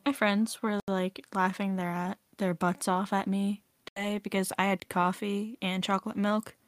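A woman co-hosting a casual podcast chat, making dry deadpan jokes. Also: medium pitch, normal speed. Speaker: podcast co-host.

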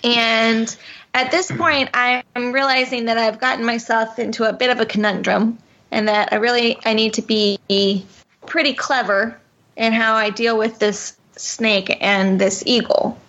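Female player, higher voice, playful, muffled lo-fi sound. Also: fairly even intonation, measured pace, a bit bright. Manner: playful, joking. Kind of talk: casual tabletop role-play. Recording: dull lo-fi recording.

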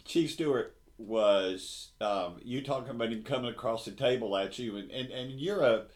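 A man's voice: mid-range voice, moderate pace. A man hosting a casual interview, often repeating words as he starts a sentence.

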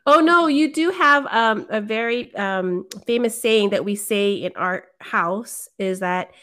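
A woman's voice: medium pitch, measured pace, a bit bright. A woman hosting a casual chat about motherhood, playful and laughing often as she tells family stories. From Filipino family. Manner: playful, laughs often, mimics her mom.

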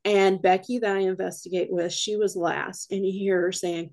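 A woman's voice: mid-range voice, steady tone, moderate pace, darkish tone. A woman guest on a podcast, a paranormal investigator, telling a rambling story full of quoted dialogue in a casual way.

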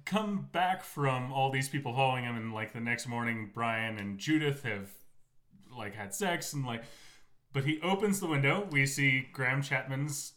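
Bright-voiced animated young man. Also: normal speed. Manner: animated storyteller, acts out scenes in high silly voices. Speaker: podcast co-host. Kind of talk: casual film discussion.

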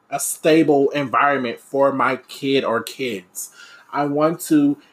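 A man's voice: mid-range voice, fairly bright tone. Candid rambling young man. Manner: candid, rambling, with frequent fillers and restarts. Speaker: aspiring radio DJ and podcaster. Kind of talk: personal reflective monologue.

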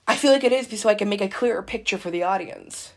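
A woman's voice: medium pitch, fast talker. A young woman co-hosting a podcast in casual chat, tearful and laughing through her tears as she talks. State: crying at times. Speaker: podcast co-host.

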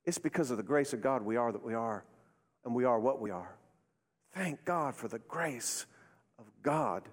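A man's voice: mid-range voice, expressive, moderate pace, big-room sound. A male pastor preaching a sermon, leading his congregation in call-and-response with rising, emphatic phrases. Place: church sanctuary.

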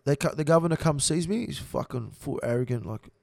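A young Australian man telling a rough prison story in casual slang, swearing constantly. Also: fairly high pitch, fairly quick. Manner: swears heavily, animated slang-filled storytelling.

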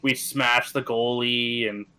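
A man's voice: mid-range voice, fairly even intonation, slow, bright, forceful tone, clean tone, low-quality recording. A man in his thirties from Atlantic Canada, co-hosting a gaming podcast in easygoing casual chat. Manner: easygoing, many fillers and restarts. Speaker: podcast co-host.

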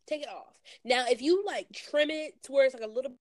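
A woman's voice: sits high, brisk, no echo, clean studio sound. A woman, ranting bluntly and casually in slangy podcast chat. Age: 20s. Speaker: podcast co-host.

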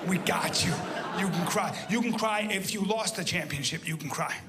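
A male stand-up comedian telling an animated story on stage, laughing through his lines. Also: high voice, moderate pace. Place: comedy stage before a live audience. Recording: live club recording with loud crowd and music. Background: audience laughter and applause.

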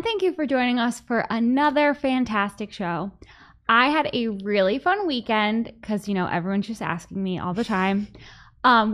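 A woman's voice: on the high side, fairly bright tone. A woman hosting a podcast, telling a story in a chatty, giggly way with lots of "like". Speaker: podcast host. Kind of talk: casual chat.

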